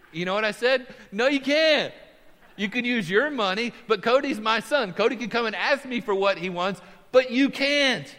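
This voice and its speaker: A middle-aged man, a pastor, preaching a sermon with animated emphasis, his voice rising as he drives points home. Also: sits high, long reverb tail. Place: church sanctuary.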